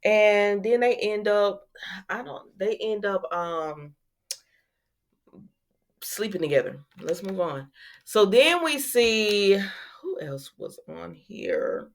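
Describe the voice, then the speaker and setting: A woman's voice: medium pitch, slow pace, long pauses. A woman who recaps soap opera episodes in a casual, chatty way, acting out the dialogue and laughing often. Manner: animated, acts out the quotes, laughs often.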